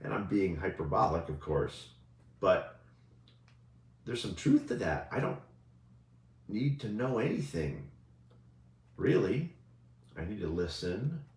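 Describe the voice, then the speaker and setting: A man's voice: on the low side, sing-song, takes it slowly, pauses often, a little mellow. A male coach giving a casual motivational talk, talking conversationally and often asking "right?" as he goes. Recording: roomy echo.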